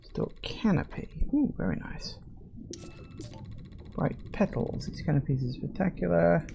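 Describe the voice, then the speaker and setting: A man commenting casually on a game as he plays, musing aloud and softly reading out on-screen text. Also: on the high side, animated, measured pace, gravelly, muffled recording, background noise. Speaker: let's-play gamer.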